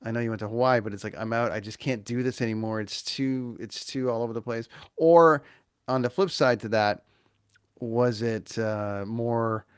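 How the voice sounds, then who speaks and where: A man's voice: mid-range voice, steady tone, moderate pace, smooth, no echo, clean studio sound. A man from small-town Ontario hosting an interview podcast. He rambles in a casual way with lots of fillers and restarts. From small-town Ontario, Canada. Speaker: podcast host.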